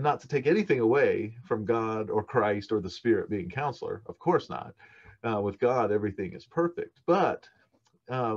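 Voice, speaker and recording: A man preaching a sermon in a thoughtful, halting way, with many fillers and restarts, on a dull church recording. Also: mid-range voice, darkish tone.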